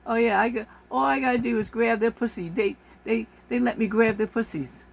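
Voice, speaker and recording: A woman's voice: fairly high pitch, brisk, vocal fry. A woman doing a mocking impression of a boastful, crude male tycoon who brags while laughing.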